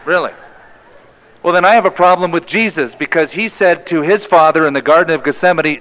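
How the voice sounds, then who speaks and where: A male pastor preaching a sermon in an emphatic way, often dropping to a hushed tone for the key lines. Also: on the high side, brisk, low-quality recording.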